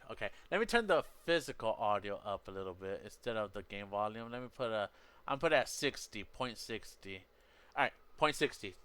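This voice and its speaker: A man's voice: medium pitch, noisy background. A man streaming a game, rambling casually to his chat, often stopping to correct himself. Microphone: headset. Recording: racing game audio loud underneath. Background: racing game engine sounds.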